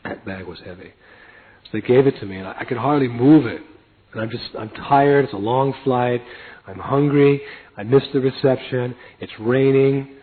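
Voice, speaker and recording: A man with a husky voice telling a personal story in a lively way, acting out the other people in it. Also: medium pitch. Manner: acts out other people's lines in quick voices. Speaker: storyteller recounting a devotee memory. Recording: tinny phone-like lo-fi recording.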